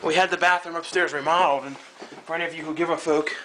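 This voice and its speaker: Young man, hoarse, casual vlog chat, faint background hiss. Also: a little high, fairly even intonation, fast, bright, forceful tone, low-quality recording. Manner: chatty, joking, narrates to camera. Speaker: vlogger. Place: outdoors in woods, then indoors at home.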